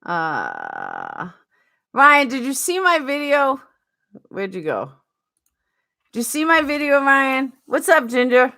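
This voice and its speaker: A woman's voice: high-pitched, huge pitch swings, slow, gravelly, long pauses, bright, forceful tone. A woman with a New York accent chatting casually on a live stream, answering viewers by name.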